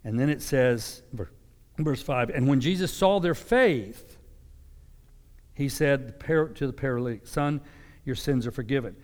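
A man's voice: mid-range voice, measured pace. A man giving a sermon, reading scripture and explaining it in a conversational preaching manner. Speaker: pastor. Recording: long hall reverb.

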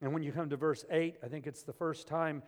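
A man preaching a sermon as pastor, telling stories with animated humor. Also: a little high, fairly quick. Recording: long reverb of a large hall.

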